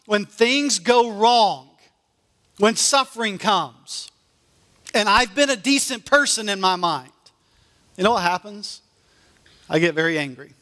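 Guy preaching a sermon, kinda high voice, drags out words to hit the point, echoey hall. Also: animated, sharp tone. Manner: earnest preaching, slowing for emphasis on key words. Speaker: pastor.

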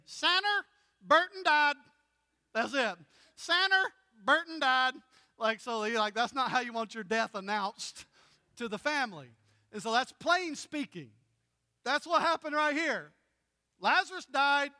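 A male pastor delivers a storytelling sermon with a high, bright voice that rings with clarity. He talks in an animated way and acts out the voices of the people in his stories. His words echo with the long reverb of a church hall. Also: clear, resonant tone.

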